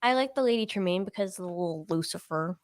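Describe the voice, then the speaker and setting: A woman's voice: on the low side, animated, quick pace, dry recording. A woman joining a casual livestream as a guest, chatting playfully. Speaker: special guest.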